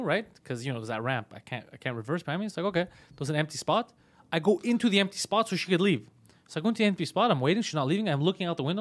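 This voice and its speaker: A man's voice: fairly high pitch, animated, racing. A man hosting a comedy podcast in casual banter, swearing constantly and ranting with rising heat.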